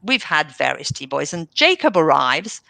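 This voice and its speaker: An enthusiastic woman guest on an interview podcast, telling stories in a bright, forceful voice. She slips into the voices of the people she quotes. The sound is dry and close, with little room echo. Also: low-pitched, normal speed, creaky. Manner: enthusiastic, animated, acts out quoted dialogue. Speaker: managing director, podcast guest. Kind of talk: casual interview storytelling.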